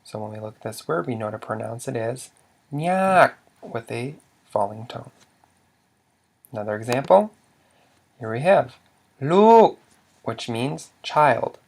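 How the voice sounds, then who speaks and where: Gravelly man teaching step by step. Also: medium pitch, normal speed, darkish tone. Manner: patient, step-by-step explaining with fillers. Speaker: language teacher. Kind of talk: explanatory lesson.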